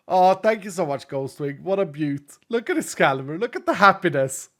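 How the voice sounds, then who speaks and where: A male streamer in his late thirties talks casually to his live chat and reads out viewer messages. His voice sits somewhat high for a man. He is openly emotional and gushing, and he laughs a lot between lines. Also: fairly bright tone. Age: late 30s.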